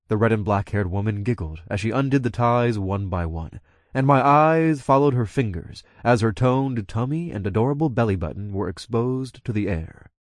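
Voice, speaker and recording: A man with a mid-range voice reads a first-person audiobook in a steady, relaxed way. The sound is close and dry, with no room around it. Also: mid-range voice, no echo. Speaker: audiobook narrator.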